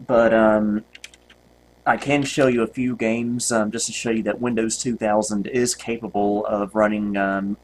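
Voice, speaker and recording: A man's voice: on the low side, slight background noise. A man, rambling and joking at himself with many ums while commenting on gameplay. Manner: rambling, self-mocking, many ums and laughs. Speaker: retro computer video host.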